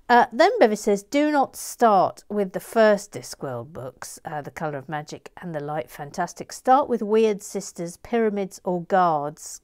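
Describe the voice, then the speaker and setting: A woman's voice: mid-range voice, very animated, measured pace, few pauses, a little mellow, smooth. A woman building a Lego set on a video stream, chatting casually and reading viewers' comments aloud with frequent laughs. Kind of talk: casual chat while building.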